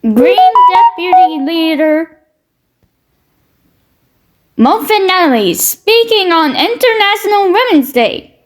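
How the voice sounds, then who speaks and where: A woman with a Canadian-sounding accent talks through social media posts in a high, slow voice. She is blunt and opinionated, and she swears freely. She often trips over repeated words as she begins a thought. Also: expressive. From Britain. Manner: halting, repeats words when starting a thought. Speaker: commentary streamer.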